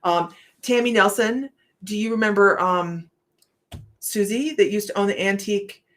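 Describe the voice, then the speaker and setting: A woman's voice: medium pitch, moderate pace. A woman with a Southern American accent hosting a livestream, chatting casually, laughing often and reading viewer comments aloud. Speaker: psychic livestream host.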